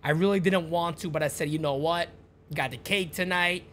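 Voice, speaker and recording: A middle-aged man hosting a live stream, chatting casually and calling out viewers' names with loud, high-pitched greetings. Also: fairly quick, slight background noise. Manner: animated, jumps high and loud when greeting viewers by name.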